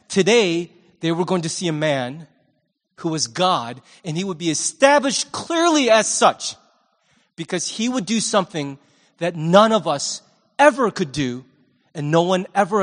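A male pastor delivers a sermon in a conversational, animated way. His voice swings between loud and hushed, and it sits high for a man. A long reverb hangs in the large church hall. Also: a little slow.

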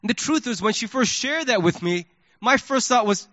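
A male pastor preaching a sermon, telling a story in an animated way and acting out his own reactions. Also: extremely high pitch, moderate pace, no room sound, dull audio.

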